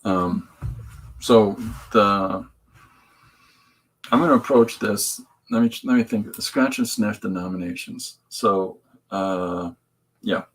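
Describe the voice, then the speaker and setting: A man's voice: fairly low pitch, slow pace, pauses often, rough recording. A man hosting a live stream, chatting loosely and joking while he draws comics. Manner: joking, meandering, lots of restarts. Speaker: host drawing comics on a stream. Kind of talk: rambling live-stream chat while drawing.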